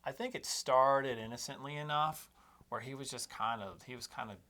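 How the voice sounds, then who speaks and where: A man co-hosting a parenting podcast, telling humorous stories in a rambling way that trails off quietly, recorded in a studio. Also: medium pitch, moderate pace. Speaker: podcast co-host. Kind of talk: casual chat. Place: studio in Colorado.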